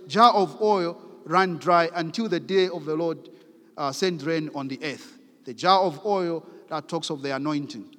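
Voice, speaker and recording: Preacher man with a booming hall echo. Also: a bit bright. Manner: emphatic, reads scripture aloud with rising force. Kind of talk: sermon. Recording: long hall reverb.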